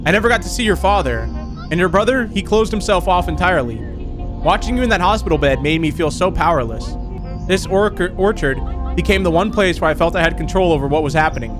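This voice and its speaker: A man's voice: sits high, expressive, fairly quick, music in the background. A man reading aloud the lines of an eerie, doting mannequin mother from a horror game in his own plain voice. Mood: coaxing.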